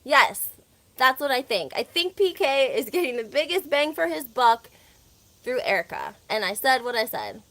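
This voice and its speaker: A woman's voice: high voice, big pitch swings, normal speed, a bit bright. Chatty Southern woman dishing gossip. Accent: American Southern. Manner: chatty, opinionated, laughs often. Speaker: reality TV recap host. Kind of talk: casual gossip livestream.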